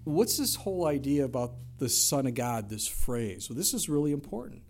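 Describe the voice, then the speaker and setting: A man's voice: mid-range voice, very animated, moderate pace, hardly any pauses, darkish tone. A man preaching a sermon, emphatic, with rhetorical questions and rising exclamations. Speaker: pastor.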